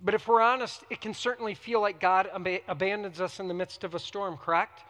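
High, bright-voiced male preacher in a hall. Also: steady tone, brisk. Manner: dynamic preaching, swinging between hushed and emphatic. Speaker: pastor. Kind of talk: sermon.

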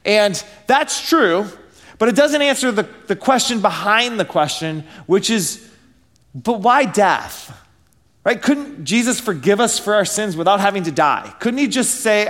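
Man, thirties, pastor, high-ish voice, chatty sermon delivery with rhetorical questions. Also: fairly bright tone. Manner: conversational, many fillers and rhetorical questions.

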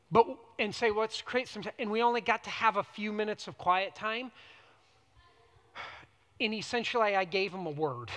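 A man preaching a sermon as pastor, animated, swinging from loud emphasis to hushed, prayerful quiet. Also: high voice, normal speed, in a large hall.

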